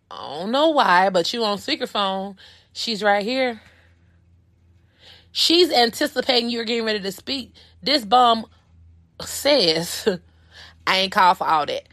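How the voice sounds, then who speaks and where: A woman's voice: mid-range voice, fairly bright tone, no room sound, studio quality. A woman in her thirties hosting a personal podcast, telling a story in a blunt, profane, heated way. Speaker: podcast host.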